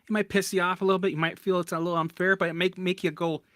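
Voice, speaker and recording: A man coaching people through recovery in a blunt, profane, animated casual talk. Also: high-pitched, very fast, no room sound, studio quality. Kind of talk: casual motivational talk to camera.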